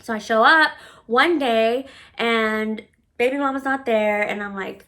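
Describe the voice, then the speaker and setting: A woman in her thirties telling a personal story to camera in a blunt, profane, animated way, acting out what people said. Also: fairly high pitch, moderate pace. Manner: blunt and profane, animated, acts out quoted lines. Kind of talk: casual storytime monologue.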